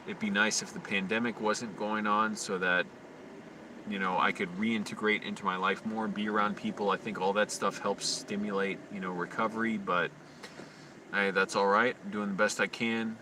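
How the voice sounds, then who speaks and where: At night, a man with a lowish voice livestreams as a vlogger from a parked car, or close to one, beside a park. He rambles casually, swearing freely and filling his talk with fillers and restarts. The mic sits at a distance and the background is noisy.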